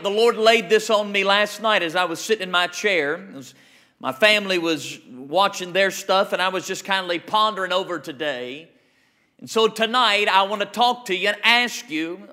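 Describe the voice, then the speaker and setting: Bright high-voiced preaching man. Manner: emphatic preaching, slows on scripture. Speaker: pastor. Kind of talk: sermon.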